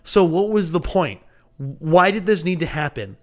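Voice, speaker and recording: A man's voice: on the high side, lively intonation, unhurried. A young man giving an exasperated, rambling film review in a ranting video. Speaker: movie reviewer.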